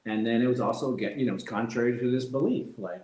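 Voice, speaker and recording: A man's voice: mid-range voice, fast. Middle-aged man telling stories, roomy sound. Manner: reflective, animated anecdotes punctuated by laughs. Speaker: guest, former fighter. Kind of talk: candid interview storytelling.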